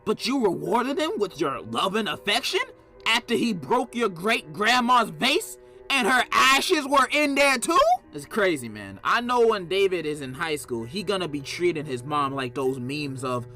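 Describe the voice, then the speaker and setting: Bright, animated sarcastic commentator. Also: mid-range voice, moderate pace, soft background music. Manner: sarcastic, with sudden loud outbursts. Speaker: video commentator. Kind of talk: comedic commentary narration.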